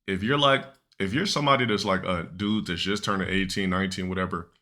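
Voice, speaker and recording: A man's voice: low-pitched, a little fast, bright, forceful tone. A young man streaming live, telling a long, rambling, profane story to his chat with many restarts and fillers.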